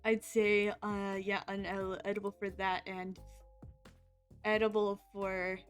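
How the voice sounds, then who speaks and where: A woman's voice: medium pitch, little pitch movement, takes it slowly, smooth, soft background music. A woman streamer hosting a casual chat, bubbly and laughing a lot, with many fillers. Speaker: streamer host.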